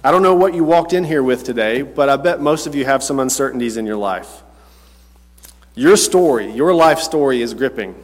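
A man's voice: medium pitch, normal speed. A man preaching a sermon in a casual, conversational way, correcting himself as he goes and speaking straight to the congregation. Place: church. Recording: long church reverb.

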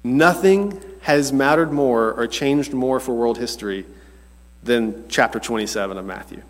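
Male pastor, mid-range voice, chatty sermon to a congregation, long church echo. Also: medium pitch. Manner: conversational, self-correcting, speaks straight to the congregation. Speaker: preacher.

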